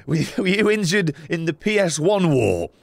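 Game streamer, excitable and foul-mouthed, swoops all over. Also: male voice, high-pitched, a little slow, creaky, no room sound. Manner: excitable, swearing, yelling at the game. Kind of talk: live gameplay streaming chat.

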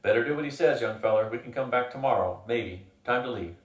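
A man reading aloud, voicing a big, boisterous older male adventurer in a hearty, loud manner. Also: medium pitch, brisk, close to an everyday voice. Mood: urging. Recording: echoey room, from a distance.

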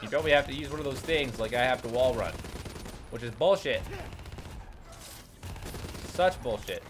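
A man's voice: medium pitch, slight background noise. A man doing let's play commentary, swearing and complaining at the game as he plays. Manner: profane, exasperated, yelling at the game. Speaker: gaming YouTuber.

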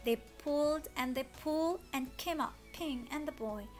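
A woman reading a children's story aloud, expressive with dramatic gasps. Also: high voice, normal speed, soft background music. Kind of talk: children's read-along story.

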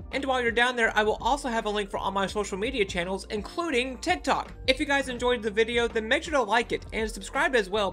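Bright, upbeat food vlogger. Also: mid-range voice. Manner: upbeat and enthusiastic, talks straight to viewers. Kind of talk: casual taste-test review.

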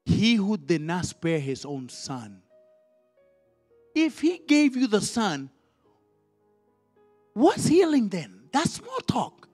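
A male evangelist preaching a fiery sermon in a church, leading call-and-response and swinging from quiet words to shouted, repeated lines. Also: high voice, huge pitch swings, slow pace, pauses often, breathy edge. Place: church sanctuary. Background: faint music from the musicians.

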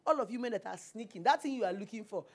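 A Nigerian woman hosting a TV call-in advice show, animated and preachy, slipping into Pidgin. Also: a little high, racing. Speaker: talk show host. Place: TV studio.

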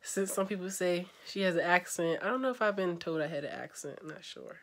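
A woman's voice: fairly low pitch, fairly quick. Chatty young woman from D.C. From Washington, D.C. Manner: chatty, upbeat, reads word lists aloud. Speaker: vlogger. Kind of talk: casual chat.

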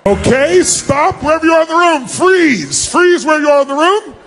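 A man leading a big seminar, loud and commanding, acting out quick little scenes for a large audience in an arena. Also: extremely high pitch, big pitch swings, a little hiss or hum. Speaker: motivational speaker.

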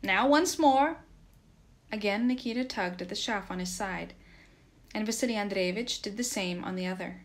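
A woman narrating a classic story as an audiobook, in a mid-pitched voice. Her reading is steady and measured. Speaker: reader.

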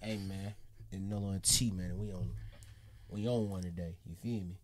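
A man's voice: low voice, fairly even intonation, normal speed, darkish tone, slight background noise. A man casually hosting a comedy reaction video, loose and slangy.

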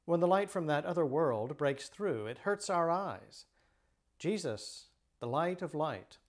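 A middle-aged priest giving a measured, explanatory lecture on Christian teaching. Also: male voice, on the high side, expressive.

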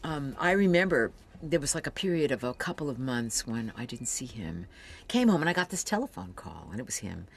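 Very low-voiced older woman recounting memories. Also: very animated, a little fast, creaky, slightly rough. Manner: storytelling, laughing, acting out quotes. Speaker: interviewee recalling a friend. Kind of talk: documentary interview.

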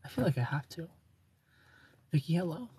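Tired husky-voiced man streaming from an airport. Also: on the high side, big pitch swings, moderate pace, warm tone, no echo. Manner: rambling, reads and answers chat, thanks followers. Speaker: live streamer. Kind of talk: casual live-stream chat. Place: airport terminal.

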